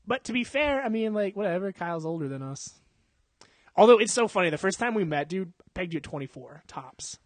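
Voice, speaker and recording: Husky, crude young podcast guy. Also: sits high, big pitch swings, brisk, no room sound. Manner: crude, laughing storyteller acting out quotes. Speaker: podcast co-host. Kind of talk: casual podcast banter.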